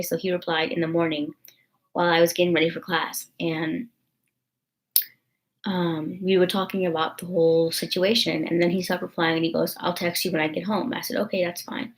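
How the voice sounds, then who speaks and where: A young woman vlogging in a rambling, emotional, confessional way, full of fillers. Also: lowish voice. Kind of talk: casual confessional vlog chat.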